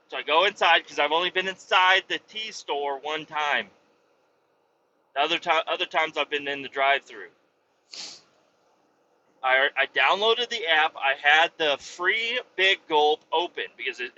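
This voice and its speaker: Podcast host: young adult man, piercingly bright, fairly high voice, profane animated rant; slightly dull recording with faint ambience. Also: slight background noise. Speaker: podcast host, truck driver. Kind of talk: casual solo podcast rant.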